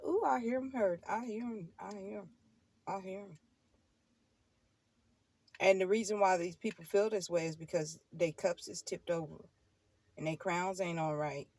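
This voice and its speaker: With a fairly low, slightly mellow voice at normal speed, this middle-aged tarot channel host pauses often as she addresses her viewers in a casual monologue. She speaks emphatically and repetitively, laughs frequently, and offers preachy asides.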